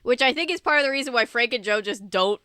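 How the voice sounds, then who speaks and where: A woman's voice: on the high side, lively intonation, fast talker, sharp tone, clear, resonant tone. A woman hosting a let's play, giving casual, wry commentary and laughing often. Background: game music.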